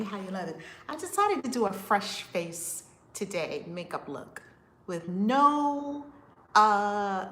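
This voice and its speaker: A woman hosting a casual livestream, greeting viewers by name in an effusive way, with big swoops in pitch and loudness. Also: echoey room. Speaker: livestream host.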